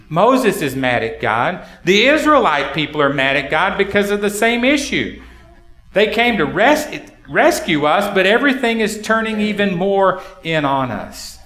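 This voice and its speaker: Echoey conversational preacher, man, slightly high. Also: big pitch swings, normal speed, a bit bright. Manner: conversational, asks the congregation rhetorical questions. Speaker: pastor. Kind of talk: sermon. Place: church sanctuary. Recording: echoey hall.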